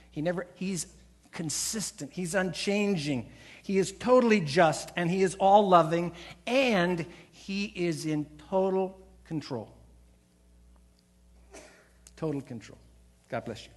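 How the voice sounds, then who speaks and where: In a church sanctuary, a pastor preaches a sermon in a fairly high, ringing male voice, a little slow. He hammers his points home with emphasis, acts out the voices of those he quotes, and leads the congregation in call-and-response.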